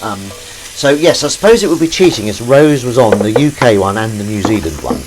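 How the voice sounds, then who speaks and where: A man's voice: fairly low pitch, animated, a little fast. A man hosting a live stream, chatting casually and rambling to viewers while washing up in his kitchen. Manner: rambling, self-correcting, chatty asides to viewers. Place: home kitchen. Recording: loud sink and kitchen noise.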